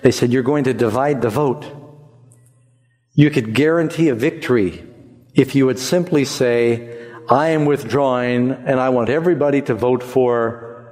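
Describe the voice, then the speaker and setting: A man preaching a sermon in an animated way, leading the congregation to repeat lines back to him. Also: medium pitch, big-room sound.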